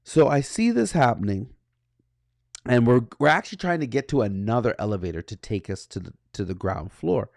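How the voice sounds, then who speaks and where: Gravelly man telling a story. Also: mid-range voice, a little fast, no room sound, studio quality. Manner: animated, acts out dialogue. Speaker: podcast co-host. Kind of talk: casual storytelling.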